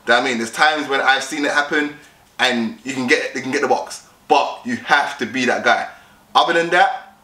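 Bright-voiced young man, echoey room. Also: medium pitch. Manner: direct, repetitive, acts out both sides of chats. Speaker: vlogger giving dating tips. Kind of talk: casual advice vlog.

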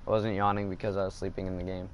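A man's voice: deep voice, level tone, rapid-fire, slight background noise. A man casually commenting while he plays a video game, thinking aloud and getting annoyed at the game. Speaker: gaming video host.

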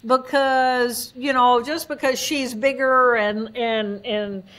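In explanatory interview talk, a guest neuroanatomist speaks in a somewhat high female voice. Her manner is lively, and she acts out examples in brief character voices to make her points.

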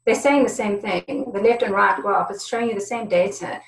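A woman's voice: medium pitch, moderate pace, vocal fry. A woman giving a conversational webinar presentation on negotiation, often stopping and repeating words as she goes. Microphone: video conference setup. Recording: roomy echo.

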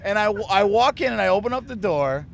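A man's voice: high voice, lively intonation, fast, vocal fry. A man from a touring band's crew telling a rambling, profane road story in a casual chat inside a moving van. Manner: rambling, profane, self-mocking. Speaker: touring band crew member.

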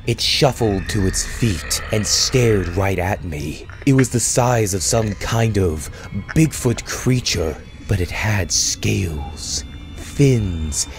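A man narrates a scripted horror story aloud, his voice on the low side. He reads in a slow, measured, hushed storytelling manner.

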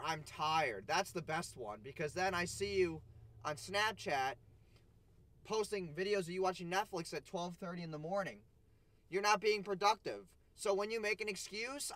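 A man delivering a blunt, swearing motivational rant straight to his viewers. His voice sits somewhat high and sounds close and dry. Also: a bit bright, dry recording. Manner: blunt, profane, scolding. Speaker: vlogger.

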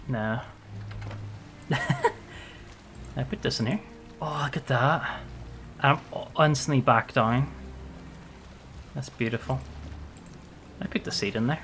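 A man's voice: mid-range voice, a bit bright, a little hiss or hum. Chatty young man gaming. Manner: chatty, swears at enemies, laughs often. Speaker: gaming streamer. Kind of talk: casual gameplay commentary.

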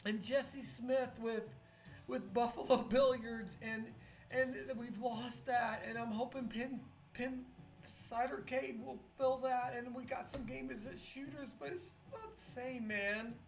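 A woman's voice: a little high, fairly even intonation. Drunk, tearful woman streamer. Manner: halting, rambling and profane, with many restarts. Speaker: pinball streamer. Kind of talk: emotional live-stream monologue. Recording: echoey room with faint music. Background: faint music.

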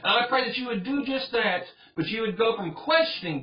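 A man with a very high voice preaches a Bible study sermon in an earnest, repetitive way. The recording is dull and lo-fi. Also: expressive, brisk. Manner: earnest, repeats phrases for emphasis. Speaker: pastor.

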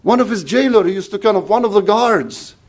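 A man's voice: sits high, expressive, a little fast. A middle-aged man preaching a sermon in an earnest, conversational way, often restarting his sentences. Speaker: pastor.

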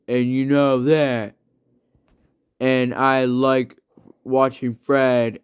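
A man's voice: medium pitch, clean tone. A young man making a silly, rambling home vlog in his bedroom, repeating words as he goes.

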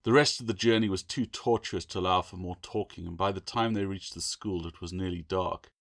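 Man, audiobook narrator, lowish voice, dry close recording, measured. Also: gravelly, dry recording. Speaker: author reading his own novel.

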